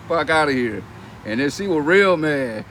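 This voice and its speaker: A man's voice: a little high, expressive, a little slow, a bit bright, slight background noise. A young man on a casual livestream, reading comments aloud and mocking them in a brash, profane way, laughing between lines. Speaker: reality TV personality reading comments on a live stream.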